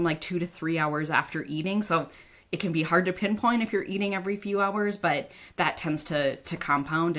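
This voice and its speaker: A woman's voice: deep voice, a bit bright. A woman dietitian and author talking casually as a podcast guest, chatty and full of "like" fillers. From northern United States. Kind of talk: casual interview talk.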